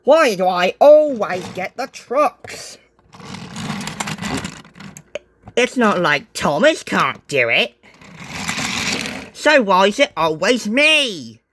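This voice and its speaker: Man doing cranky storybook train engine; snaps loud, sulks low. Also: very animated, takes it slowly, creaky, background noise, full character voice. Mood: furious. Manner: ranting, snapping. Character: hot-tempered male tank engine, grumbling.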